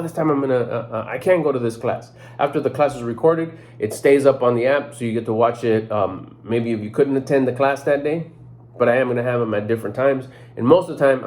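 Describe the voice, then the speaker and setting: A man giving a casual direct-to-camera sales pitch as a personal development YouTuber, talking loosely in slang with frequent restarts and repeated words. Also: darkish tone.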